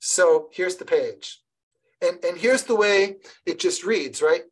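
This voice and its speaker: Lively woman leading a teacher training. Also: lowish voice, takes it slowly, breathy edge, low-quality recording. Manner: lively and encouraging, with many restarts. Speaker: early childhood literacy trainer. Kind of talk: online professional development session.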